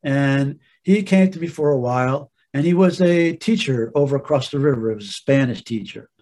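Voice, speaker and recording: Male guest voice; earnest, meandering personal storyteller, middle pitch. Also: moderate pace, a little mellow. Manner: earnest, rambling with restarts. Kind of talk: storytelling in a podcast interview.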